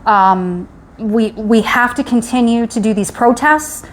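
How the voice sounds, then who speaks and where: A woman's voice: a little high, measured pace. A woman hosting a live stream, speaking in an urgent, rallying way about speaking up and sharing stories. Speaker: host. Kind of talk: live-stream advocacy talk.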